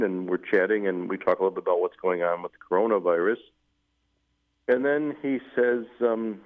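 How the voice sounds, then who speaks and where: Man with a low voice on tinny audio. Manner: measured, recounting at length with fillers. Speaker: guest, newly appointed Catholic bishop. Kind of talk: interview storytelling. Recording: tinny phone-like radio audio.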